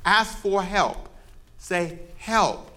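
A pastor preaching to a church congregation, with a voice that sits a little high for a man. He leads call and response and teases the crowd in a playful way. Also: expressive, a little slow, bright, forceful tone. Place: church service before a congregation.

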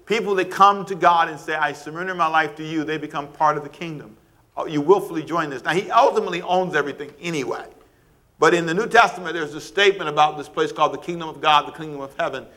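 A man preaches with a fairly high, bright, forceful voice. He swings from soft asides to loud, rising questions, laughs now and then, and acts out parents' scolding. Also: quick pace. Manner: preaching with wide swings of pitch and loudness, rhetorical questions; laughs between points, acts out quoted scolding. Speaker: pastor. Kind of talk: sermon.

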